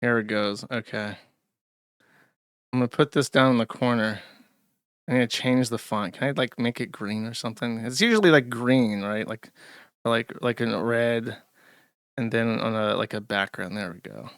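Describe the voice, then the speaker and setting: Young dude streamer, crude sarcastic commentary, smooth clear voice, dry room. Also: male voice, medium pitch, normal speed, a bit bright, no echo. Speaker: streamer host. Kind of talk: casual commentary. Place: home studio.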